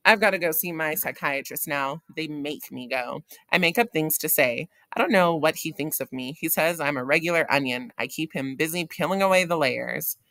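A man's voice: fairly high pitch, lively intonation, moderate pace, hardly any pauses, pushed and bright, no echo. A man voicing a curious, dreamy teenage girl in a read-aloud of a novel. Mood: earnest.

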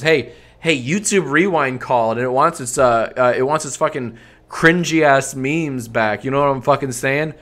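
A young man streaming live in loose comedic banter, his voice sitting at an ordinary middle pitch. He swears nonstop and talks with playful mock bravado, sometimes loudly booing to heckle. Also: normal speed. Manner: loud heckling boos.

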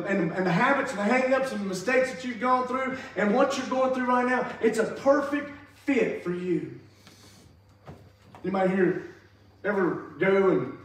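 A pastor with a high voice preaches a sermon in a church sanctuary, using emphatic rises and soft drops. The hall is echoey and the mic is far off.

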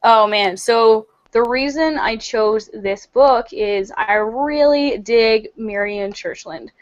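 A woman's voice: fairly high pitch, slow. A woman hosting a casual book club over a video call from a room at home, chatty and full of fillers. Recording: muffled video-call audio.

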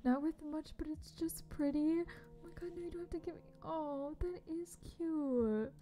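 A young woman streaming a game, chatting casually and bubbly with her viewers, often dropping to a soft whisper. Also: high-pitched, little pitch movement, normal speed. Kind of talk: casual livestream chat. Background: faint background music.

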